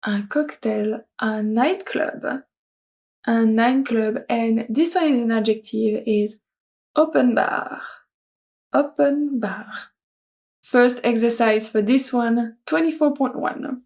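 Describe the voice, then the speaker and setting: A woman with a French accent teaches vocabulary at an unhurried pace and pauses to repeat each word clearly. Her voice sits a bit high for a woman. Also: a little mellow. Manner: slow, careful, repeats each word twice. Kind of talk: vocabulary lesson with repetition drills.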